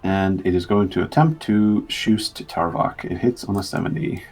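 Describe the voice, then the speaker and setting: A man's voice: deep voice, normal speed, a little mellow, soft background music. A man running a tabletop game as game master, thinking aloud and counting out moves.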